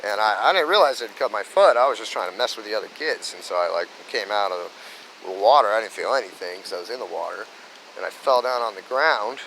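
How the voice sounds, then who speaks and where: A man's voice: on the low side, lively intonation, fast talker, a bit bright, a little hiss or hum, low-quality recording. A man telling casual stories in a rambling way, with lots of "you know" and restarts. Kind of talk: casual storytelling monologue.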